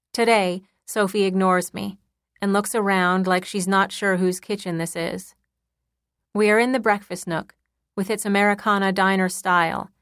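A woman reading a first-person novel aloud in a measured, intimate storytelling manner. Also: medium pitch, fairly bright tone, no room sound, studio quality. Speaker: audiobook narrator. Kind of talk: first-person audiobook narration.

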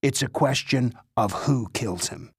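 A man voicing an old, frail male spy chief who speaks slowly, coldly and in clipped phrases. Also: medium pitch, expressive, gravelly, breathy edge, dry recording, studio quality, heavily acted. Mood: coldly calculating.

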